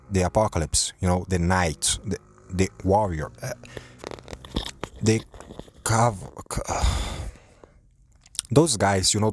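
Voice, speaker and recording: Deep-voiced tired man, rambling solo podcast, profane, self-interrupting, dry close sound. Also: dry recording. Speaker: podcast host.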